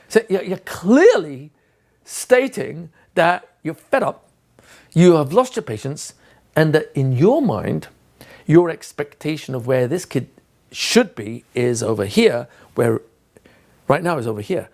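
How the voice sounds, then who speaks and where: A man's voice: fairly high pitch, unhurried. A man giving a lecture to teachers on how to teach children, acting out short scenes of teacher and pupil as he explains. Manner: animated, acts out teacher and child voices. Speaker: teacher trainer.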